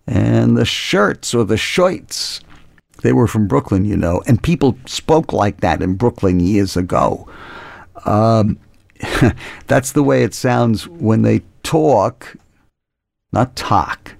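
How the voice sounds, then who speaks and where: A man's voice: fairly low pitch, animated, slow, vocal fry, darkish tone, dry recording. A man hosting a radio music show, chatting casually between songs with rambling, chuckling asides. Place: radio studio. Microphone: close studio mic.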